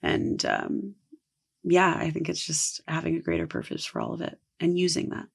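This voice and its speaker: An earnest woman tells a personal story as a podcast guest, her voice carrying a gravelly fry at the ends of phrases. She talks casually and leans on "like" as she goes, over a close podcast mic. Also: sits low, wildly swooping pitch, moderate pace. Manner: earnest, heavy use of "like". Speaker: podcast guest, spiritual coach.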